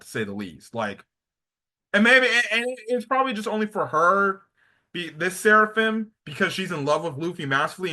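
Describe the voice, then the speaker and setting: Excitable high-voiced young man reviewing anime. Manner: excitable, slangy, rambling. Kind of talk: casual anime episode review.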